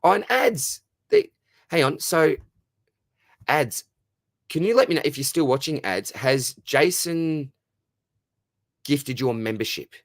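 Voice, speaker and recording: A man's voice: mid-range voice, lively intonation, slow, long pauses, no echo, clean studio sound. Matey Australian man on a livestream. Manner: warm, matey, repeats words, says mate constantly. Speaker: livestream host answering chat. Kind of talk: casual live-stream chat.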